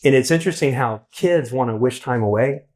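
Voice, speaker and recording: A man's voice: medium pitch, fairly quick, a little mellow. Guy hosting a live onstage talk, kinda rambly, keeps correcting himself, mid voice. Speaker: host, interviewer. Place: event hall with audience.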